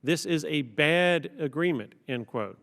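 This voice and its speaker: A man, a congressman, questioning a witness at a hearing, deliberately reading out prepared quotations with emphasis. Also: a little high, lively intonation, vocal fry, a bit bright. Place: large hearing room. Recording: long reverb from a large hall.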